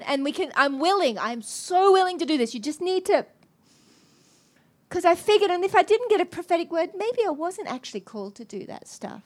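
A middle-aged woman with a high voice, preaching from the pulpit. She tells her story with lively, self-mocking animation. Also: normal speed, pauses often. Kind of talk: storytelling sermon.

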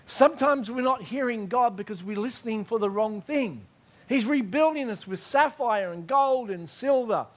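Speaking at a moderate pace with lively intonation, a male preacher whose voice is strikingly high delivers an emphatic sermon. He keeps returning to key phrases and repeatedly checks that his listeners are following along.

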